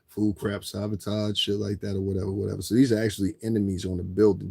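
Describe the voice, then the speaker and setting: A man's voice: low-pitched, creaky, darkish tone, breathy edge. A man livestreaming a casual, rambling, profane rant to viewers, often repeating himself. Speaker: livestreamer asking viewers for donations.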